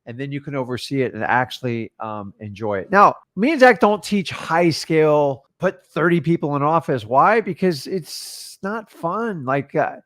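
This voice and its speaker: A man's voice: fairly high pitch, lively intonation, moderate pace, hardly any pauses, fairly bright tone, no echo, clean studio sound. A man co-hosting a casual livestream chat, coaching in a blunt, emphatic, motivational way. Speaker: co-host and wholesaling coach.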